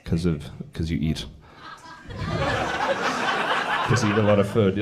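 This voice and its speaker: A brash young Englishman with an English accent works a live stand-up crowd, swearing and teasing the audience. His voice leaps and dips with wide, lively pitch. Loud laughter from the audience fills the gaps, caught through a handheld stage mic in a theater. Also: normal speed, pauses often, heavy background noise. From England. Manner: brash, profane, mocking crowd banter. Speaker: stand-up comedian. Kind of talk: stand-up comedy set.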